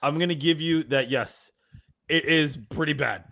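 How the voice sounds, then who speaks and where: A man's voice: on the high side, normal speed, creaky, sharp tone, no room sound. A man arguing on a panel show, in heated casual banter, swearing constantly and pressing his points hard. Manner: profane, emphatic, swears constantly.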